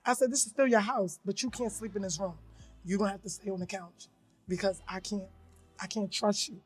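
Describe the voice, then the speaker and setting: A woman's voice: mid-range voice, fairly even intonation, a little fast, faint music behind. A woman co-hosting a podcast, telling a personal story bluntly in casual chat and acting out the voices she quotes. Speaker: podcast co-host.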